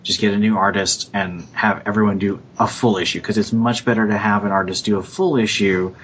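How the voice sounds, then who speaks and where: A man's voice: fairly even intonation, a little fast, fairly bright tone. A man co-hosting a podcast, laying out an opinion in a matter-of-fact way. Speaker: podcast co-host. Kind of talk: casual podcast chat. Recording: dull lo-fi audio with faint rumble.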